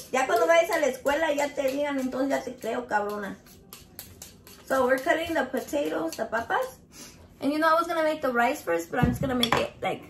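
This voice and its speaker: There's a little hiss or hum on the recording of this high-voiced, foul-mouthed woman filming a recipe video at home in her kitchen. Chatting casually for her cooking vlog, she tells crude, profane, animated stories.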